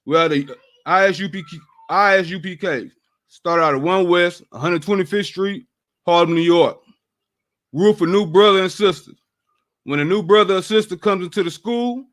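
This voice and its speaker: Announcer for a church class, man with a high voice, quick list-like delivery. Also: fairly bright tone. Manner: brisk, list-like reading. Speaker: class member reading announcements.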